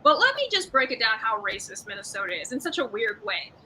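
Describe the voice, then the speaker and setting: A woman's voice: on the high side, sing-song, brisk, pushed and bright, a little hiss or hum, poor audio. A young woman stand-up comedian doing a live-streamed set, talking in a sarcastic, rambling, conversational way.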